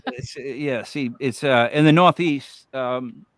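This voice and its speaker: A man hosting a podcast in casual chat, joking and animated. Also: mid-range voice, unhurried, no room sound. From New England, near Boston. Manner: animated, joking, slips into mock accents. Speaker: podcast host.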